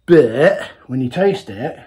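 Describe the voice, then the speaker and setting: A man's voice: medium pitch, animated, slow, dark tone. A man in a casual beer-tasting vlog, chatty and rambling, often correcting himself mid-sentence. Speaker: homebrewer reviewing beers.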